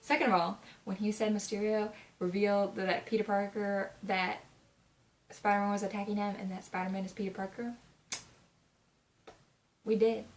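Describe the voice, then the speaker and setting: A nineteen-year-old woman chats through a movie review like she's talking to a friend. Her voice sits at a middling pitch, peppered with filler words and quick asides. She gushes, and every so often she bursts into a loud, high exclamation. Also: flat delivery, slight background noise. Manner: chatty, gushing, full of "like" and "you know what I mean". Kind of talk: casual vlog review.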